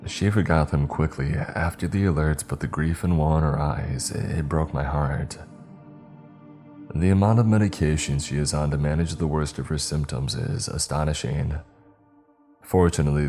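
Male horror storyteller, very low voice, steady delivery, faint music behind. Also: moderate pace. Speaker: narrator.

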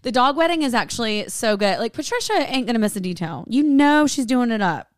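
A woman co-hosting a podcast, spinning animated stories with plenty of quick asides. Her voice sits a little high. The sound is close and dry, with no room around it. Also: no room sound. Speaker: podcast co-host. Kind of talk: casual chat.

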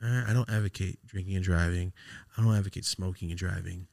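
A man's voice: brisk, creaky. A young man hosting a podcast, telling stories in a loose, profane casual chat. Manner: animated, profane storyteller doing squeaky high impressions. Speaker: podcast host.

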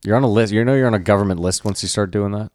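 A man co-hosting a podcast, telling stories in a loose, profane, animated way. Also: on the low side, very fast. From Canada. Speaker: podcast co-host. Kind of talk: casual podcast chat.

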